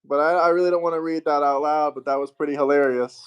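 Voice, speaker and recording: High-voiced upbeat man on a livestream. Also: steady tone, fast, clear, resonant tone. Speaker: livestream host. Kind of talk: casual livestream chat, reading viewer comments.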